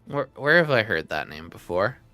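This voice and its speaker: A man's voice: on the low side, sing-song, normal speed, bright, forceful tone, no room sound. A man streaming a game, joking and chatting casually with his viewers and himself. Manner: joking, talks to chat and himself. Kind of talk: casual gameplay chat. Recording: dry close mic, faint music behind.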